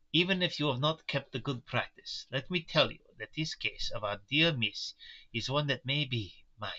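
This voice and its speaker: A man voicing an old foreign professor with a put-on Central European accent, slow and solemn. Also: mid-range voice, bright, forceful tone, highs cut off, natural voice. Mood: grave.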